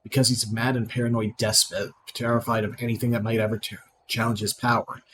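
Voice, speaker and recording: A man reading out the lines of a proud, scornful female sorceress in a video game, plainly and with small slips, over clear background noise. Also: mid-range voice, little pitch movement, fast talker, natural voice.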